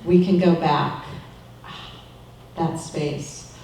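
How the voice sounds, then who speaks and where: A middle-aged woman giving a calm, measured, reflective sermon as a minister. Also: low-pitched, distant mic, slight background noise. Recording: echoey room, voice from off-mic.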